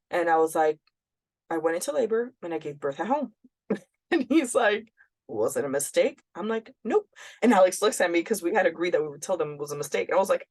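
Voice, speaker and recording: A woman's voice: fairly low pitch, animated, brisk. A woman co-hosting a podcast, telling a personal story in a candid, blunt way and often quoting herself. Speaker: podcast co-host.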